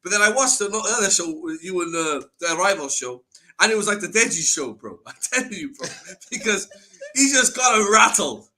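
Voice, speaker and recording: Man, football chat guest, slangy, laid-back, bright slightly high voice. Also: expressive, a little fast. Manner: slangy and laid-back, calls people bro and G.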